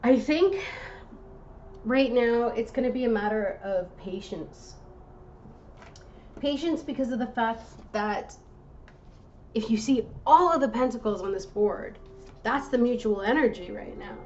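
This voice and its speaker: A woman with a fairly high voice talks viewers through a tarot reading, gentle and reassuring, sometimes pausing to apologize. The recording sounds a little dull, with a faint hiss underneath. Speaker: tarot reader.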